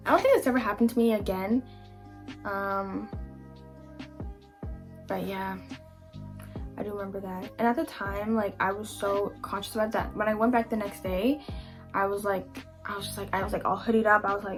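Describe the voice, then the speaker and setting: A woman's voice: medium pitch, moderate pace, music in the background. A young woman vlogger telling a candid, chatty storytime, with lots of "like" and quoted asides. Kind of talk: casual storytime.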